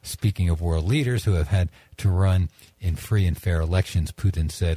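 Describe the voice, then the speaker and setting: Deep, dark-voiced male radio host. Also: moderate pace, breathy edge. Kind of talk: reading news with commentary.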